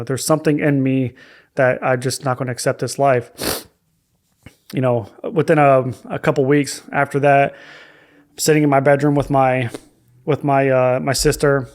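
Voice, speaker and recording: A man speaking as a podcast guest, telling a personal story in a halting way with many restarts and fillers. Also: mid-range voice.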